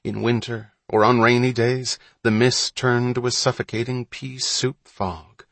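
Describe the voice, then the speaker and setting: A man narrating a story aloud in a steady, measured storytelling manner. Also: mid-range voice, no echo. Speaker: audiobook narrator. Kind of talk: scripted narration.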